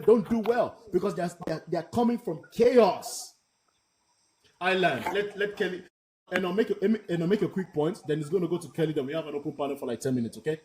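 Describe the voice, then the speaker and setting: A man's voice: high-pitched, a little mellow. Blunt, fired-up man hosting a panel. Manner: blunt, emphatic, repeats himself. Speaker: host. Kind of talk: heated panel discussion.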